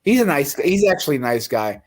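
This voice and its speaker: A man's voice: a little high, very animated, a little fast, darkish tone. A man in casual chat, telling a story in a profane, ranting way. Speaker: guest telling his story.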